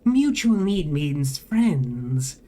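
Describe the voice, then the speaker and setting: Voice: medium pitch, very animated, dark tone. A streamer voicing an eerie vending machine. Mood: urgent. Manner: slow, halting broken phrasing. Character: eerie multitonal vending machine, cryptic and urgent. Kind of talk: reading a narrative game aloud.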